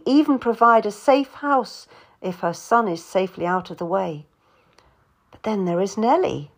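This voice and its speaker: A woman narrates a historical novel in the first person. She reads in a quiet, measured way, and her pitch moves around a lot. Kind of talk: audiobook narration.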